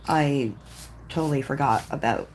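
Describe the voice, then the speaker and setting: A woman hosting a live coloring stream, chatting casually in a rambling way and often clearing her throat as she works. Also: extremely low pitch, moderate pace, a little hiss or hum. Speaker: coloring livestream host. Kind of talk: casual livestream chat while coloring.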